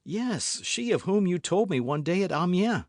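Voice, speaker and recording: Brief: agitated young swordsman, higher and louder, read by a male narrator, dry sound. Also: moderate pace, no room sound. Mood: urgent. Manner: excited, raised and loud. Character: frantic young male swordsman, breathless and urgent. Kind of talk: audiobook character voice.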